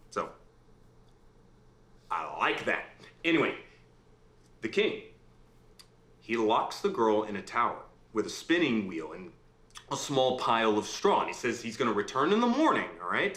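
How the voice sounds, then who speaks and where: An actor playing a man who tells a child a fairy tale in a lively bedtime-story way, stretching out words for effect. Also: fairly low pitch. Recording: roomy echo.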